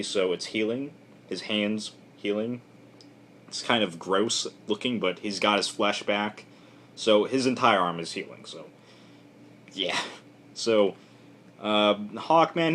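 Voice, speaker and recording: A man casually reviewing a comic book issue for a vlog, rambling and excitable, filling his talk with "like" and "just". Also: lowish voice, slight background noise.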